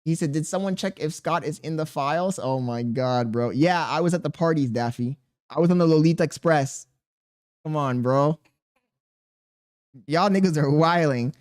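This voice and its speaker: Guy streamer, kinda high voice, cussing a lot, riffing on chat messages, slangy. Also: moderate pace. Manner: profane, joking banter with chat; slangy and animated. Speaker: live streamer. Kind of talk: casual live-stream chat, reading chat aloud.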